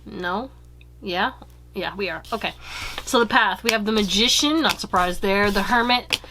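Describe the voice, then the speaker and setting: A woman's voice: medium pitch, moderate pace, noisy background. A woman giving a casual pick-a-card tarot reading, chatty and blunt, swearing freely and giggling.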